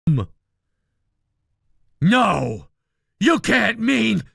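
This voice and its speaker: A woman voicing an arrogant young male designer who shouts and whines defensively in an animated story. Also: medium pitch, extremely slow, vocal fry, slightly rough, dry recording, studio quality, full character voice. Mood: indignant.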